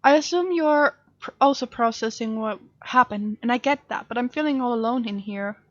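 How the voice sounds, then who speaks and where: A woman's voice: a little high, normal speed, no room sound, dull audio, close to an everyday voice. A woman reading out the texts of an anxious, grieving young man, in a voice close to her own. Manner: reading text messages aloud.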